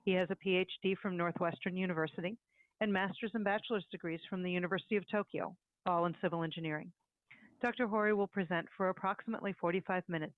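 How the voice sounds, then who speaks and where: Female webinar host, fast scripted intro, thin phone-line audio. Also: fairly low pitch, no echo. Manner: brisk, read-out delivery.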